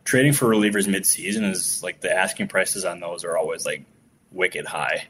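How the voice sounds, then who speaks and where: A man co-hosting a podcast in casual sports chat, relaxed and loose. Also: low voice, fairly quick, slight background noise. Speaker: podcast co-host.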